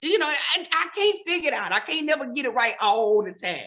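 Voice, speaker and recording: Sassy woman doing stand-up, bright and high. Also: very animated, brisk. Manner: sassy, scolding, conversational with audience asides. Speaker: comedian. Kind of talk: stand-up comedy routine.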